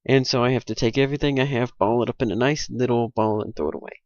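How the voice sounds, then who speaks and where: A man's voice: medium pitch, quick pace, dry recording. A man hosting his own video, rambling and poking fun at himself, with bursts of mock-indignant ranting. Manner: rambling, self-mocking, jumps into mock-indignant rants. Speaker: video host giving sports picks. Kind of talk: casual rambling monologue. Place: at home at a computer. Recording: dull, dry lo-fi audio.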